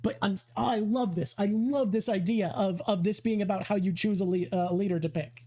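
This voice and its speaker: A woman hosting a live stream with a stuffy nose, explaining her ideas quickly and enthusiastically. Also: mid-range voice, mellow. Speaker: host. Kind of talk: casual chat on a live stream.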